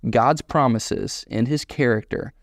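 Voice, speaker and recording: A man preaching a sermon as pastor, animated and emphatic, voicing quoted dialogue in bursts. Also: mid-range voice, measured pace, creaky, no room sound, clean studio sound.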